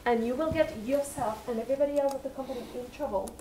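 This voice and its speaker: A woman's voice: sits high, quick pace. Woman, sales team manager, firm and direct, distant from the mic, noisy room. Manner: firm and direct, giving instructions. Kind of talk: casual discussion. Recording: distant mic with clear background noise.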